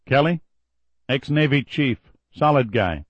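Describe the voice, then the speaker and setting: A man playing a gruff, tired Coast Guard petty officer with a growling, blunt delivery. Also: medium pitch, animated, unhurried, no echo, dull audio, voice pushed up.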